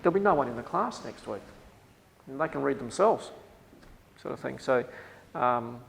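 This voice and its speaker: A man's voice: medium pitch, lively intonation, moderate pace, creaky, big-room sound, a little hiss or hum, poor audio. A man with an Australian accent giving a workshop lecture to staff, emphatic and repeating his key advice.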